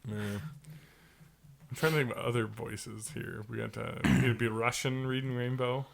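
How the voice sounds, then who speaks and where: A man's voice: mid-range voice, fairly even intonation, moderate pace, gravelly, slight background noise. A man in his thirties co-hosting a casual podcast chat, jokey and profane, often slipping into silly voices. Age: 30s. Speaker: podcast co-host.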